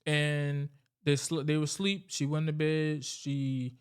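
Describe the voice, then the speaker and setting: A man's voice: fairly high pitch, little pitch movement, slow, clean tone. A man casually recapping a horror movie's plot, rambling and swearing freely as he talks. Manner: rambling, profane, loose storytelling.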